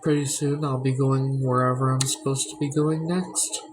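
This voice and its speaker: A woman's voice: a bass voice, fairly even intonation, moderate pace, background noise. Blunt, profane woman livestreaming from home. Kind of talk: candid livestream chat. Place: at home indoors.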